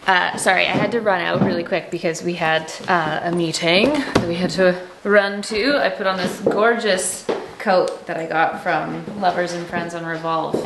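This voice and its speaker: A young woman vlogging casually from her home, chatty and excitable. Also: fairly low pitch, gravelly, background noise. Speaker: lifestyle vlogger. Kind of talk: casual vlog chat.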